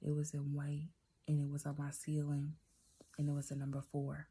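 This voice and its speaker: A woman telling a personal faith story in a casual, animated way, repeating phrases and dropping into whispers for emphasis. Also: low voice, fairly quick, breathy edge. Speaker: vlogger telling a personal testimony.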